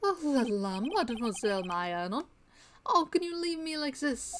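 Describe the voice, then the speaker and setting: A woman's voice: sits high, very animated, moderate pace. A woman voicing a flamboyant middle-aged male French chef with a fake French accent, theatrical and indignant, over game music. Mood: pleading. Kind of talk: reading game dialogue aloud on stream.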